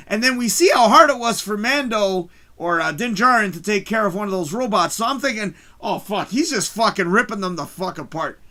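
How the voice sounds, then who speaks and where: A man hosting a live stream from his home, ranting excitedly about a show, swearing constantly and shouting at the big moments, his mic distorting when he gets loud. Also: high voice. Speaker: livestream host. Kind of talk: excited live review rant. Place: home room, early morning.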